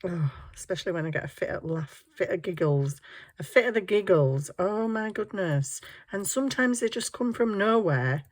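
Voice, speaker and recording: A woman's voice: mid-range voice, animated, moderate pace. A woman chatting casually while crafting at home, tired, ditzy and giggly, muttering to herself as she hunts round her desk. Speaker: craft vlogger.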